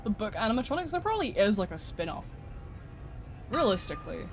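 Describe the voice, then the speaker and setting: High-voiced excitable male streamer. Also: fast talker, pauses often, music in the background. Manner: casual, excitable, swears and laughs often while reading chat. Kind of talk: live gameplay commentary. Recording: noisy with mouse and key clicks.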